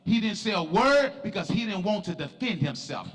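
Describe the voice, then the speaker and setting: A middle-aged man, preaching an emphatic sermon as pastor and often shouting in a preaching cadence. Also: high voice, big pitch swings, moderate pace. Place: church sanctuary. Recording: long church reverb with faint music.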